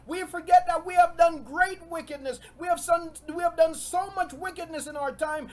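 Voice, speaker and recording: A preacher giving a sermon, stressing points by repeating key words and often chuckling between them. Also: high voice.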